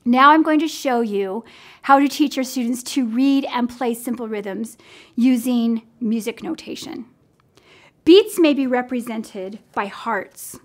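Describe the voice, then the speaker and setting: Slow, high-voiced woman teaching music. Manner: clear, patient, counts in and sings along.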